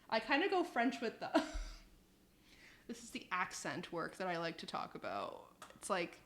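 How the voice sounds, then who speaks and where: A woman's voice: medium pitch, fairly bright tone. A young woman chatting casually on a live stream, reading out chat messages, laughing often and swearing in passing.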